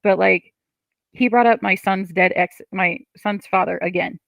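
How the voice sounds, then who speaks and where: A frustrated woman venting on her livestream between chat comments, with a heavily gravelly, fry-laden voice. Her tone is bright and tense, and she swears freely. The sound is dry and close. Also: medium pitch, fairly even intonation, a little slow, no room sound. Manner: frustrated, ranting, swears often.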